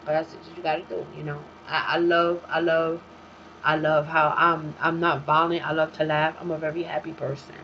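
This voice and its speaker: A woman's voice: deep voice, little pitch movement, moderate pace. A woman hosting a talk show, speaking in a blunt, profane, streetwise casual monologue. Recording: dull, slightly lo-fi recording with faint hiss.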